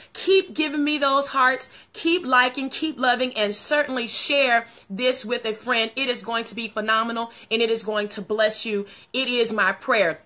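High, bright excited woman live-streaming. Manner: excited, greets viewers by name; bursts of loud, high exclamations. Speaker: host of a live video talk show. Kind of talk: casual live-stream talk.

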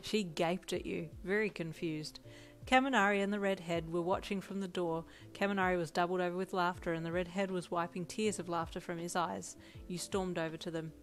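A woman's voice: on the low side, steady tone, fairly quick, faint music behind. Woman narrating a second-person fanfic. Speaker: fanfic reader.

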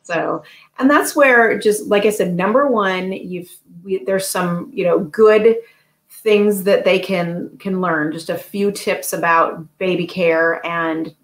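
A woman who educates new parents, answering interview questions in a calm, explanatory way. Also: fairly low pitch, takes it slowly. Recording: echoey room.

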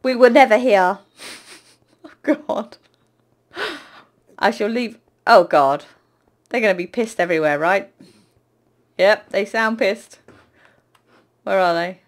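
A woman casually commentating her own gameplay, chatting to the game's creatures and breaking into loud panicked apologies. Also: mid-range voice, slow, long pauses. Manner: chatty, talks to the game mobs, panics loudly with repeated exclamations. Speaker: gaming YouTuber.

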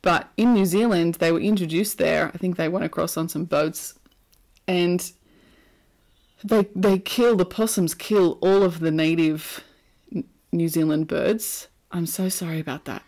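A woman's voice: lowish voice, fairly even intonation, measured pace, a little mellow. Chatty Australian woman knitting vlogger. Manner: chatty and playful, prone to silly asides. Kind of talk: casual chat.

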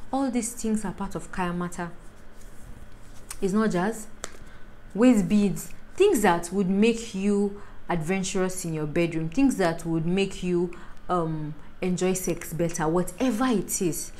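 A young woman from Northern Nigeria with a Northern Nigerian accent, talking in an animated, preachy vlog monologue full of rhetorical questions. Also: medium pitch, moderate pace, rough recording. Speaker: lifestyle vlogger.

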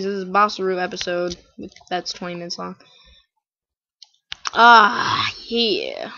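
A woman's voice: medium pitch, pushed and bright, slight background noise. A woman hosting a gameplay channel, giving goofy, playful let's-play commentary and repeating catchphrases. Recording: dull lo-fi home mic.

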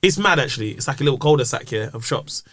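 A man's voice: mid-range voice, fast, no room sound. A man, a comedian telling stories in casual podcast chat and slipping into voices for his anecdotes. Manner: animated storytelling, putting on voices in anecdotes. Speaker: guest comedian.

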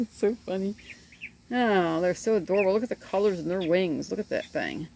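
A woman's voice: lowish voice, lively intonation, a little fast, vocal fry, a little mellow. Chatty middle-aged woman filming ducklings outdoors. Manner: rambling, chatty, laughs often. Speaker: homesteader vlogger. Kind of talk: casual chat while filming animals. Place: outdoors in a yard by animal pens. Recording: faint outdoor noise with birds. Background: ducklings chirping and outdoor ambience.

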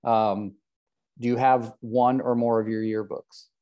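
A man's voice: mid-range voice, little pitch movement, a little slow, warm tone. An older man coaching real estate agents in a live group session, joking at his own expense and calling on trainees by name. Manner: joking, self-deprecating, calls on trainees by name.

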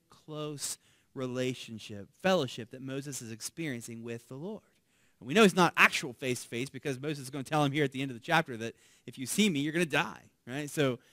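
This pastor, a man, preaches in a chatty way, often tossing in "right?"; he becomes loud and animated when voicing pleas and goes hushed on important words. His voice is on the high side, and the recording is dry.

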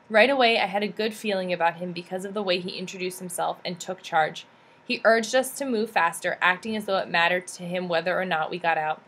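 An audiobook reader, a woman, narrates a memoir with steady, earnest storytelling at a fairly quick pace. Her mid-range voice stays plain and sincere, never theatrical.

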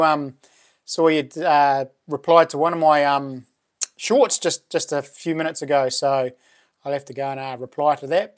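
Kiwi guy on a live stream, bit high voice, chill and chatty, reading out comments. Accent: New Zealand. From New Zealand. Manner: laid-back and friendly, calls viewers bro and brother.

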